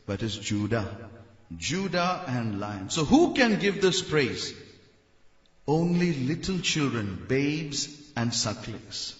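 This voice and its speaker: A man preaching a sermon in a lively, animated way, mimicking people and rousing the congregation. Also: mid-range voice. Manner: animated, mimics people, leads the crowd in shouts. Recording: echoey hall, dull lo-fi sound.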